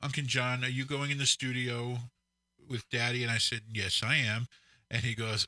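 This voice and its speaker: A man's voice: medium pitch, normal speed. A man in his forties, co-hosting a casual live stream and animatedly telling a story, acting out what people said. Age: 40s. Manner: animated storyteller, acts out quotes. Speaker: podcast co-host.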